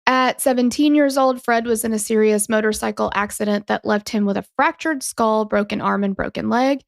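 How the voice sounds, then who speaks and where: A woman's voice: fairly high pitch, a little fast, gravelly, no echo, clean studio sound. A woman co-hosting a true-crime podcast, chatting casually with lots of fillers and some swearing. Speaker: podcast co-host.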